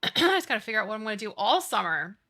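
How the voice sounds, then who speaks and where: A woman in her thirties chatting casually with her live stream audience, telling stories with lots of laughter and excitable energy. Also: mid-range voice, racing. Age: 30s. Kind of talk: casual chat while playing a game.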